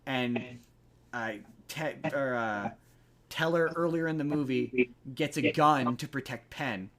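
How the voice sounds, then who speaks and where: A man's voice: mid-range voice, slow, crowd noise. A man co-hosting a podcast in casual chat, eagerly retelling a movie with many restarts and acted-out quotes. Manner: animated retelling, acts out quotes, stammers and restarts. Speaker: podcast co-host.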